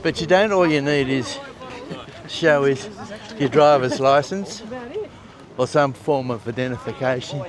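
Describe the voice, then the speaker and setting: On a coastal walk, an Australian travel vlogger narrates at a measured pace in a medium-pitched voice, chatty and wry with friendly asides. The noisy outdoor street recording carries traffic, outdoor ambience and a crowd.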